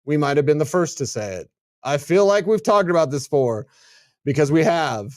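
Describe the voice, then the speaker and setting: A man's voice: a little high, sing-song, moderate pace, dry recording, clean studio sound. A man hosting a sports radio show, chatty and self-deprecating. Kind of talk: casual sports talk.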